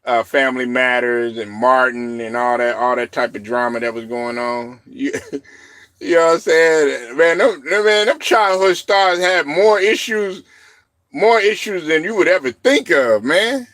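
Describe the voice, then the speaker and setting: A man hosting a casual live stream, rambling and laughing often, breaking into loud shouted reactions. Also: medium pitch, unhurried, no room sound, studio quality. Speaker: show host.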